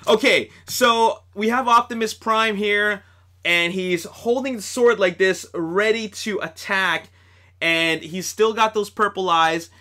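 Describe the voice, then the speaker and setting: A man hosting a casual video review, talking excitably and rambling with lots of fillers and restarts, recorded at home on a desktop microphone. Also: sits high. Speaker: host of a movie news channel. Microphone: desktop USB microphone.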